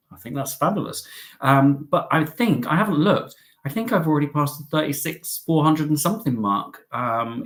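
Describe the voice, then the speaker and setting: A man hosting a travel live stream, chatty and upbeat, with cheeky jokes and asides. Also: a little high.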